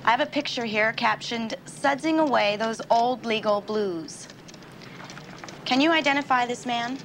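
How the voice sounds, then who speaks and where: Sharp young law student, formal n pushy, kinda high voice. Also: female voice, unhurried, slight background noise. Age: 20s. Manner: crisp, formal, probing. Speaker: law student taking a deposition.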